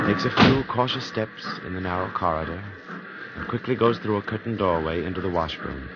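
A man narrating an old radio drama in a measured, dramatic voice, on a dull, hissy old recording. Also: low-pitched, lively intonation. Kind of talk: scripted narration.

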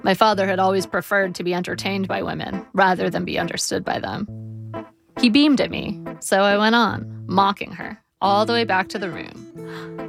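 A woman reads her memoir aloud with a wry, measured and reflective delivery. Her voice has a gravelly fry at the edges and sits at a middle pitch. Faint guitar music plays softly behind her. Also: steady tone. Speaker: memoir narrator. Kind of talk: audiobook memoir narration.

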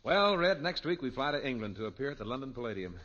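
Lively old-time radio announcer. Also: male voice, medium pitch, loud music behind the voice. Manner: brisk, dry retorts. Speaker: announcer and straight man. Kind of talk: 1950s radio announcing and comic banter. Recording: dull hissy old radio transcription.

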